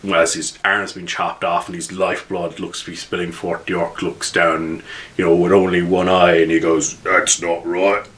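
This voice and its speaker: Low-voiced man rambling through a tabletop session recap. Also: flat delivery, normal speed, a bit bright. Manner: rambling, with frequent restarts. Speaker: game master.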